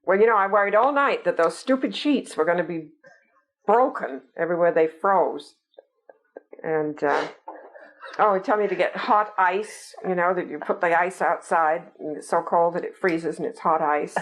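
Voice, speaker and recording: Older Englishwoman telling lively stories. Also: lowish voice, moderate pace, poor audio. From England. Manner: lively, teasing storyteller with many fillers. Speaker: interviewee. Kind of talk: oral history interview.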